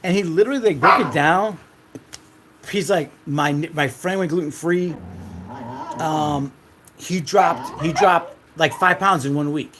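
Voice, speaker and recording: A man in his thirties casually tells a rambling, repetitive story from his own life, cursing now and then. His voice is a little high and his pace measured, with dogs audible in the background noise.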